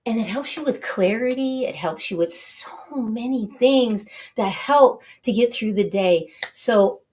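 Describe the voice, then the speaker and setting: A woman's voice: on the high side, lively intonation, measured pace, a little mellow. A woman hosting her own show, introducing the episode in a bubbly, gushing and enthusiastic way. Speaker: show host.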